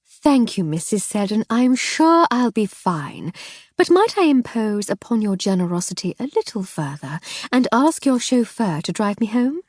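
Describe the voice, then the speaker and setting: A woman's voice: a little high, big pitch swings, moderate pace, a little mellow, dry recording, studio quality, voice pushed up. Woman doing a poised aristocratic lady. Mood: polite.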